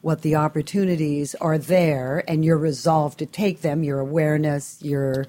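Mellow, low-voiced woman interviewer. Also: fairly even intonation, moderate pace. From Southern California, US. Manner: engaged, reflective, sums up the guest's points. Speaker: radio show host, interviewer. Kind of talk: conversational interview.

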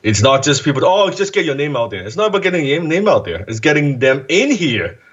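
A man with a husky, slightly breathy voice tells an animated story as an interview guest. He jumps into the voices of the people he quotes and drops the odd curse along the way. The recording sounds dull and lo-fi. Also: on the high side, a little fast. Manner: animated, acts out quoted voices, swears casually. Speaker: guest entrepreneur.

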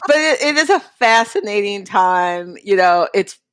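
A woman novelist speaking thoughtfully and at a measured pace about her research, often chiming in with agreement. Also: mid-range voice, expressive, a bit bright, no room sound. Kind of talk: casual conversation about writing.

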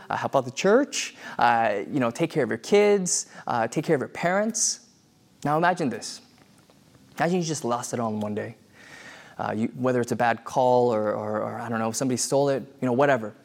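A man's voice: mid-range voice, a little mellow. A man preaching a sermon in a conversational way, with many fillers and restarts. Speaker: pastor.

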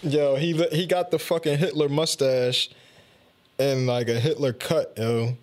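Chill young guy, talks slow, laughing a lot, short little comments. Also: mid-range voice, steady tone. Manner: laid-back, laughs often, short remarks. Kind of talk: casual chat.

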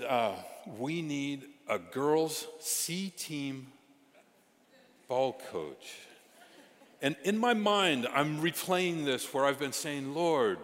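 A middle-aged male pastor telling stories in a sermon, animated, moving from loud exclamations to hushed asides. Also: fairly high pitch. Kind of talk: storytelling sermon. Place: church sanctuary. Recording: reverberant hall sound.

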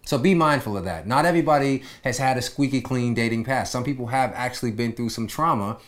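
A man's voice: mid-range voice, quick pace. Male talk-show host, casual and easygoing, giving relationship advice. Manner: relaxed, advice-giving, with lots of agreeing "yeah". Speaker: podcast host. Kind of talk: casual chat.

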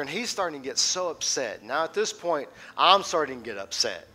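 A man in his thirties preaching a sermon as a teaching pastor, swinging from loud and passionate to hushed and intimate. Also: fairly high pitch, very animated, a little fast, soft background music.

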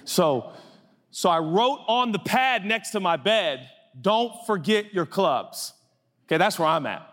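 A man's voice: high-pitched, big pitch swings, normal speed, fairly bright tone. A man in his forties, a pastor, telling a funny, self-mocking story in a sermon and acting out the voices of the people in it. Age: 40s. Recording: long hall reverb.

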